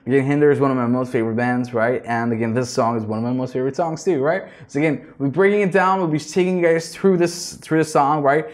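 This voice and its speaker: A young man with an Indian English accent, coaching singing in a reaction video, energetic and always checking in with "right?". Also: mid-range voice, fast, few pauses. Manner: energetic, ends phrases with "right?"; restarts and repeats words often. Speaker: vocal coach.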